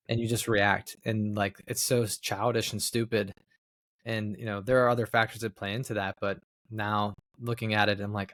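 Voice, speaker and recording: A man with a lowish voice talks on a podcast, recorded dry and close. He speaks in a reflective, casual way and leans on fillers while he searches for words. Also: fairly even intonation, brisk, a bit bright, no room sound. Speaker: podcast co-host. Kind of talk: casual chat.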